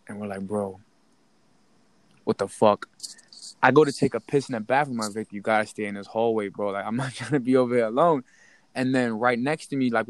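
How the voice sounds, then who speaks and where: Young man, casual slangy storyteller, animated delivery, dry close sound. He tells his story with rising excitement and laughs between lines. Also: medium pitch, no echo. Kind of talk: casual chat.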